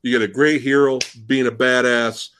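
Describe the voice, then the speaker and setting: A man guesting on a casual movie podcast, excitable and swearing casually as he gushes about films. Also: normal speed, slight background noise. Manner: excitable, swings pitch wildly, swears casually.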